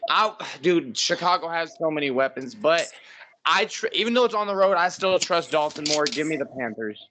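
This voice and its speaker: A man co-hosting a casual sports podcast, easygoing and quick to laugh. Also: a little high, animated, noisy background. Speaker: podcast co-host, the betting line guy.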